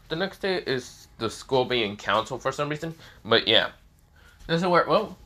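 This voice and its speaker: A young man improvising a fan-fiction story, rambling and filling gaps with "well" and "of course". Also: bright, forceful tone. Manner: rambling, many fillers, rises in pitch often.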